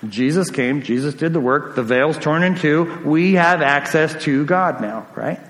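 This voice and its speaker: A man's voice: on the high side, measured pace, a bit bright. A man preaching a sermon as a pastor, earnest, often checking in with "right?". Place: church sanctuary. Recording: echoey reverberant church hall.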